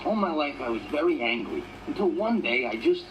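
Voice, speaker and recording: An actor playing a big, gruff male bricklayer in a mental ward, talking slowly, plainly and deadpan. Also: a little high, far from the mic, slight background noise, rough recording. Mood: matter-of-fact.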